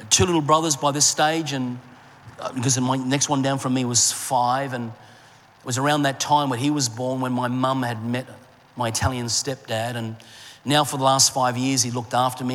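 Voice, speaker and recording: A middle-aged man preaching a sermon and telling a personal story, rising in pitch for emphasis and dropping low and soft in his memories. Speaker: pastor. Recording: long hall reverb, faint ambient noise.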